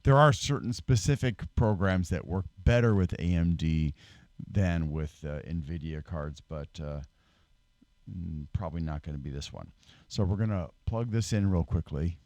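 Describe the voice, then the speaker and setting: A man's voice: sits low, moderate pace, a little mellow, no echo. A man hosting a casual PC building tutorial, rambling with fillers, self-corrections and dry self-deprecating asides, recorded on a desk microphone that he sometimes leans away from. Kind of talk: casual how-to demonstration. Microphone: desk microphone, moving closer and farther. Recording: dry close-mic, voice fades when he leans away.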